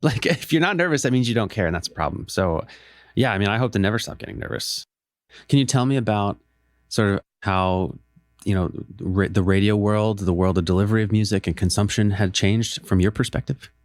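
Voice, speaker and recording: A male interviewer with a somewhat low voice who chats casually and backs up his guest with quick agreement. The recording is dry and close. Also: no echo. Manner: supportive, quick to laugh and agree. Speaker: podcast host, interviewer.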